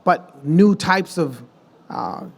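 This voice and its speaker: Animated man telling stories onstage. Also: sits high, takes it slowly, creaky. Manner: animated storytelling, acts out quoted dialogue; loose, restarts mid-sentence. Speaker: guest musician and producer. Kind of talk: live podcast conversation. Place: live stage with an audience.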